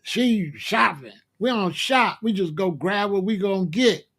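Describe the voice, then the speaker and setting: A man with a notably high speaking voice rants comically as the host of his own show. He talks in loud, slangy street talk, mocking and swearing freely as he lectures. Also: lively intonation, a little slow, breathy edge. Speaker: commentary host. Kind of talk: comedic rant.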